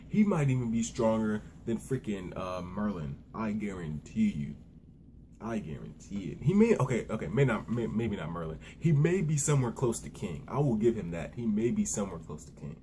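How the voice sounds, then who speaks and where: Excitable young man ranting casually. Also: on the low side, moderate pace, slight background noise. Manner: excitable, profane, animated retelling with many restarts. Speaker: manga reviewer. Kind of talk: casual solo review rant.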